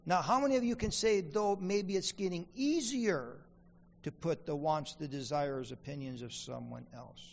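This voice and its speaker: High-voiced pastor preaching in a reverberant hall. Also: male voice, normal speed, gravelly, muffled recording. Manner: asks the congregation questions, repeats lines for emphasis. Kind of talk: sermon. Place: church sanctuary.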